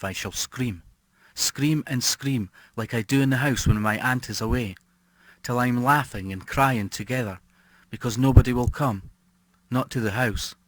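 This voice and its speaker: A man narrating a horror story as an audiobook reader, slow and brooding, dropping to a hush on key words. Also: medium pitch, no echo.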